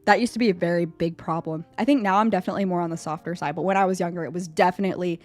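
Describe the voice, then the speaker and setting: A young woman streaming live, chatting casually with her chat and answering a quiz about herself, animated and at times breaking into loud high squeals. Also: racing, faint music behind. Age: young adult. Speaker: VTuber streamer.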